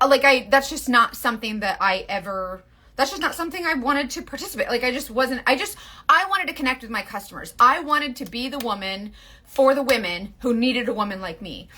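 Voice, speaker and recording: A woman's voice: on the high side, animated, normal speed, bright, forceful tone. A woman in her forties chatting casually and rambling about leading a makeup sales team, full of "like" and asides. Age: 40s. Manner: rambling, full of "like" and self-interruptions.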